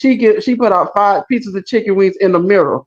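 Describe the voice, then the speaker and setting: A man's voice: high voice, fairly quick. Self-important man, dull lo-fi sound. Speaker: show co-host. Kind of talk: comedic banter in a character voice.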